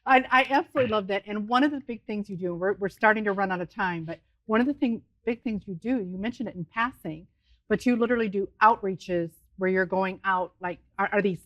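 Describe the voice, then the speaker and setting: A woman hosting a TV interview, prompting her guest with gentle questions. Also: mid-range voice, fairly quick. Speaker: TV show host.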